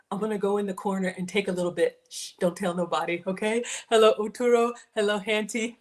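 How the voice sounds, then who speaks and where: A woman's voice: medium pitch, fairly even intonation, fast talker, hardly any pauses. A woman chatting casually while hosting a live cooking stream, reading viewer comments aloud and laughing often. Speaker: livestream cooking host.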